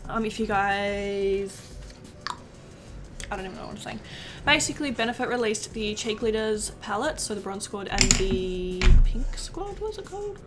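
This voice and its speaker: A woman's voice: medium pitch, expressive, normal speed, over music. A 19-year-old woman, a beauty vlogger, chatting casually while doing her makeup, gushing and rambling with lots of fillers.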